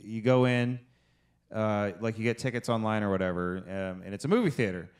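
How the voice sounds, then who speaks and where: A low-pitched man on a casual podcast talks in a relaxed, easygoing way. He pauses and restarts often, padding his sentences with fillers as he explains. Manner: laid-back, halting with fillers. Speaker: podcast co-host.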